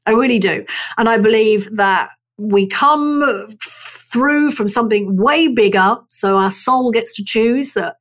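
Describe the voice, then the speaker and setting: A woman hosting her own podcast, in her forties or older, with a slightly high voice. She talks in a frank, sweary, animated way, laughs often and acts out the thoughts she once had. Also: takes it slowly. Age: 40s or older. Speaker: podcast host. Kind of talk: candid solo podcast monologue.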